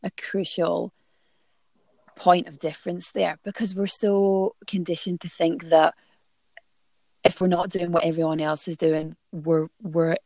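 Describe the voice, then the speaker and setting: A woman's voice: fairly low pitch, little pitch movement, unhurried, a little mellow, dry recording. A woman hosting a podcast interview, responding in an affirming, thoughtful way. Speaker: podcast host. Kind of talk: casual interview chat.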